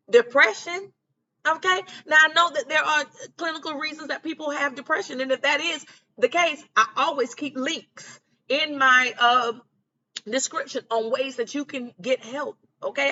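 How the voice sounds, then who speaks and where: A woman's voice: sits high, sharp tone, muffled recording. A woman giving a casual, encouraging spiritual pep talk, often checking in with "okay?" and "you know what I'm saying?". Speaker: spiritual guidance creator.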